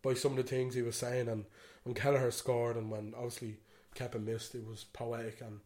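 This Irish co-host of a podcast talks a little fast in a level, medium-pitched, slightly mellow voice. He drifts through a story in casual chat, swearing freely and adding "you know what I mean."

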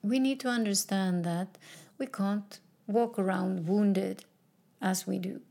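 A woman in her fifties speaks slowly and earnestly in a reflective personal talk. Her voice has a gravelly, fry-tinged texture, and she sometimes sinks into a soft whisper when a point matters most. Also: mid-range voice. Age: 50s. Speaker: speaker sharing personal growth advice.

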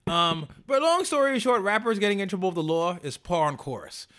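High-voiced man joking on a podcast. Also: expressive, fairly quick, pushed and bright. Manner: joking, laughs often. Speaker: podcast co-host. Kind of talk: casual podcast chat.

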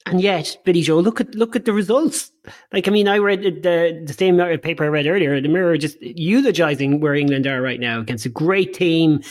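A man's voice: on the high side, a little fast. A man hosting a podcast in an easygoing, chatty way, addressing his guest and co-hosts. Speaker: podcast host. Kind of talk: casual chat.

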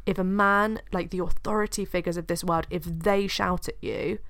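A woman's voice: lowish voice, fairly even intonation, moderate pace, vocal fry, fairly bright tone, no room sound, studio quality. A British woman co-hosting a podcast, chatting in a rambling, candid way and swearing freely. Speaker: podcast co-host. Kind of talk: casual chat.

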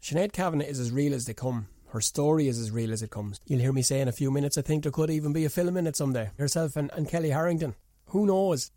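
A man's voice: fast talker, no room sound, studio quality. A man delivering an opinionated boxing monologue, ranting indignantly with rhetorical questions. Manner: indignant, rhetorical ranting with sharp pitch jumps. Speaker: boxing pundit.

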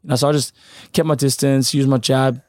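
Aussie fighter guy talking quick and loose, dry close sound. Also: medium pitch, flat delivery, darkish tone, dry recording. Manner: rapid, loose, repeats fillers. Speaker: professional boxer, guest. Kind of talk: casual interview chat.

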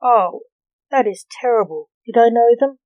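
A woman's voice: a little high, normal speed, no room sound, lo-fi sound, voice pushed up, natural voice. A woman reading the lines of a sarcastic, teasing young adult male superhero, the son, in an author's audiobook reading. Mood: concerned.

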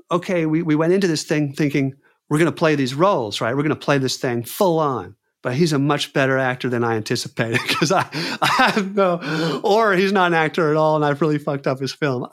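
A man telling a personal story, acting out his own panicked words in a raised voice. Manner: animated, acts out panicked quotes in a high voice. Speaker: storyteller guest. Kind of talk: casual spoken storytelling.

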